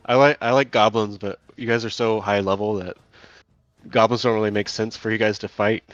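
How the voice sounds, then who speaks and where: A man's voice: fairly low pitch, a bit bright, no echo, lo-fi sound. A man serving as game master, narrating a tabletop game in a casual, stop-start way with many fillers, over an online call.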